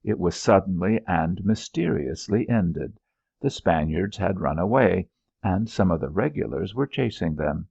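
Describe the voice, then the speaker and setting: A man reads a war story in a deep, gravelly, husky voice, rising and falling widely. His delivery is measured and expressive. The recording is dry and slightly dull and lo-fi. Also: dry recording. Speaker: audiobook narrator. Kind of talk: audiobook narration.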